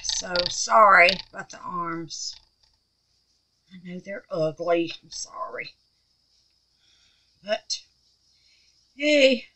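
Lady doing a craft vlog, slow easy talk, gushy and chatty, calls everybody babies. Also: on the low side, poor audio. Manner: chatty, excitable, calls viewers babies and honey. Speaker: resin craft channel host.

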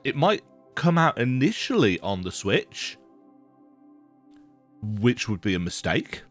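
A man's voice: medium pitch, big pitch swings, slow pace, faint music behind. A man with a stuffy nose from a cold, rambling through casual reaction commentary on a game trailer and often thinking aloud. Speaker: gaming video creator.

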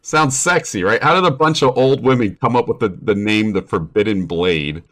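A man's voice: on the low side, moderate pace, a bit bright. A young man streaming while he plays a game, chatting in a rambling, profane and sarcastic way. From New Jersey family. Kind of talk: casual chat while gaming.

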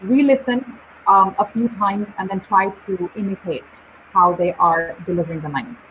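A woman teaching English in a live online session, speaking slowly and deliberately with clear pauses between words. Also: mid-range voice, slight background noise. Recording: dull lo-fi live stream audio.

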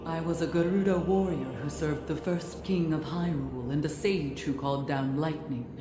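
An actress playing an ancient female warrior sage, speaking in solemn, measured game dialogue. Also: low-pitched, music in the background, lightly acted. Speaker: game character. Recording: roomy game audio with long reverb.

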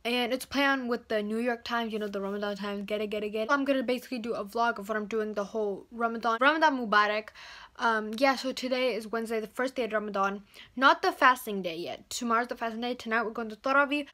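A woman's voice: fairly high pitch, a bit bright. A teenage girl chatting casually in a vlog on a handheld phone, bubbly and slangy. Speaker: vlogger. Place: home and stores, filmed on the go.

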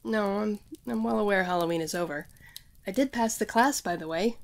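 A woman's voice: medium pitch, a little fast, gravelly, close to an everyday voice. A woman voicing a young, earnest witch in training who rambles and talks straight to the listener in an audio role-play. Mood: chatty. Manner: rambling, addresses the listener directly.

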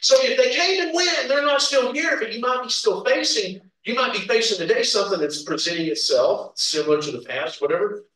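Folksy preacher in an echoey church. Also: male voice, very high voice, animated, brisk, hardly any pauses, bright, forceful tone. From Kentucky, USA. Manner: folksy, chuckling, calls out amens. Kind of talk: informal sermon with personal stories. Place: church sanctuary. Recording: echoey church hall, distant mic.

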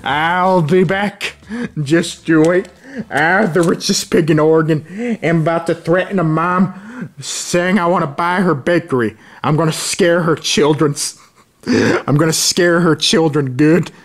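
A man's voice: on the high side, a little slow. A young man voicing a pompous, greedy billionaire pig villain in a homemade toy cartoon, with music playing behind. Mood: threatening.

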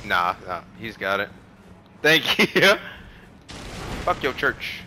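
A young man in casual gaming chat, excitable, swearing constantly and laughing often. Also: on the low side, takes it slowly, slight background noise, low-quality recording. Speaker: gamer playing co-op online.

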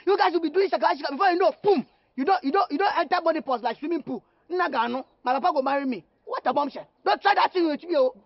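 A man's voice: extremely high pitch, rapid-fire, few pauses, no echo. A man with a Nigerian accent playing a cheeky young man who chases a woman, teasing and boastful with frequent laughter. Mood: mocking. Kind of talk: Nollywood film acting. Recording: dull lo-fi audio with faint music.

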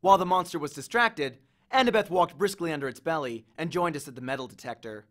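A man reading a novel aloud in an expressive storytelling manner. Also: fairly high pitch, quick pace. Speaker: audiobook reader.

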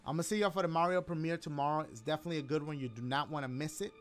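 A man's voice: a little high, rapid-fire, faint music behind. A man streaming a game, chatting casually and reading donations in loose slang with joking asides. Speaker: gaming streamer.

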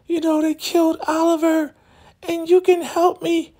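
A man voicing a young captive woman in pain, pleading in a high falsetto while he recaps a show. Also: little pitch movement, measured pace, darkish tone.

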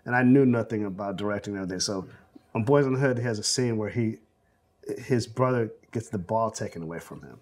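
Speaking fast in a lowish register, this animated, rambling man in his forties hails from South Central Los Angeles, USA. He's a film director being interviewed for an oral history, spinning anecdotes, acting out quotes, and leaning on lots of fillers.

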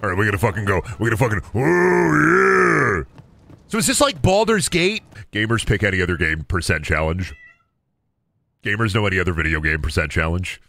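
A man streaming a video game, talking crudely and excitably and laughing often. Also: lowish voice, brisk, creaky, no room sound. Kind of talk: casual gameplay commentary. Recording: music playing behind the voice.

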